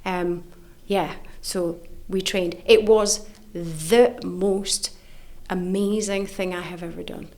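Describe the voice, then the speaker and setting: A middle-aged woman, an author and coach, telling stories in an interview with lively, acted-out quoted voices. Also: takes it slowly, few pauses. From United Kingdom. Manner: animated, acts out quoted voices with big pitch jumps.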